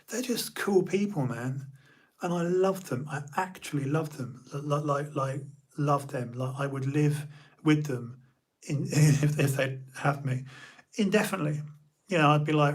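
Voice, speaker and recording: A young man from the UK, streaming an emotional personal monologue, halting and repeating his words as he talks. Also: a little high, breathy edge.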